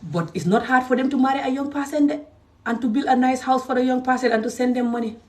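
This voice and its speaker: A woman from Gambia delivers a heated direct-to-camera rant. She is emphatic and fiery, jumping between loud outbursts and low, muttered asides. Her voice sits a little away from the mic. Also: fast, far from the mic. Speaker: social media creator.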